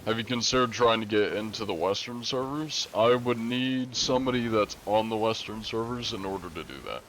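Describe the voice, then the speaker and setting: A young man streaming a game at home, answering chat in an easygoing, rambling way with lots of fillers. His voice sits on the low side, and a faint hiss hangs under it. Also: a little fast, a bit bright, rough recording. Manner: laid-back, rambling with fillers. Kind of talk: casual live-stream chat, reading chat questions.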